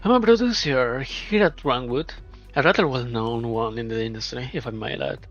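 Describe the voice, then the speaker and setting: A man voicing a shrewd, flamboyant female film producer who talks in a smooth, probing, flattering way. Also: mid-range voice, moderate pace. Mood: coaxing. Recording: dull lo-fi, faint music.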